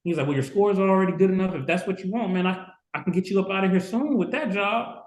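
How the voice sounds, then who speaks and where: A man's voice: high voice, fast. Roomy-sounding man in his forties. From Chicago, USA. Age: 40s. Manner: lively anecdote-telling, acting out quoted people. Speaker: guest. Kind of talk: casual storytelling interview. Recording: roomy echo.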